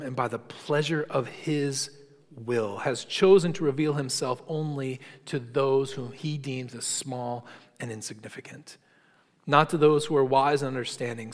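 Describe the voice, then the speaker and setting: A man's voice: a little high, in a large hall. A man preaching a sermon, emphatic, piling up repeated phrases for stress.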